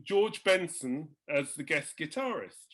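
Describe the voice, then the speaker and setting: A man's voice: on the high side, measured pace. A man telling musical anecdotes in conversation, acting out the voices of the people in his stories. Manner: animated, acts out quoted voices. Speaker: guest storyteller.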